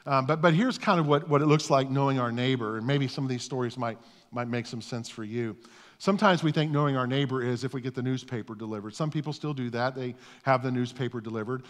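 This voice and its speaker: A man's voice: medium pitch, fast. A middle-aged male pastor giving a conversational, self-deprecating sermon, often repeating his words as he starts a thought. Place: church sanctuary. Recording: long reverb of a church hall.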